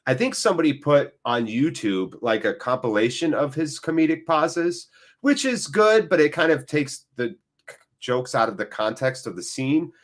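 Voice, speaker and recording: A man hosting a live football watchalong, mixing casual play-by-play with rambling chat asides in an excitable way. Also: on the high side, normal speed.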